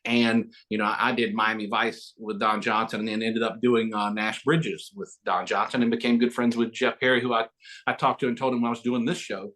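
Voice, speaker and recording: A middle-aged man, an actor and auctioneer, telling quick, joking stories as an interview guest on a video call. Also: fairly low pitch, level tone, a bit bright. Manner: fast, name-dropping, joking. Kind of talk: animated interview storytelling.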